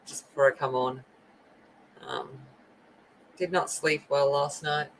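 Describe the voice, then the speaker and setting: A woman's voice: low-pitched, steady tone, takes it slowly, fairly bright tone, a little hiss or hum, poor audio. A woman hosting a coloring livestream, chatting casually and greeting viewers by name. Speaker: livestream host. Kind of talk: casual chat while coloring.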